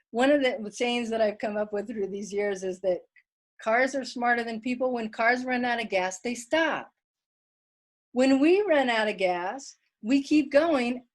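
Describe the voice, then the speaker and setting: Lady doing a wellness workshop online, chatty, fairly high voice, homey examples. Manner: lively, chatty, plain-spoken analogies; reads viewer comments aloud.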